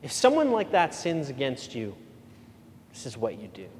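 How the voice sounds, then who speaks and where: A pastor preaching a sermon, telling a story in a relaxed, conversational way with many fillers, recorded in a church. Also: male voice, medium pitch, normal speed, long reverb tail, slight background noise.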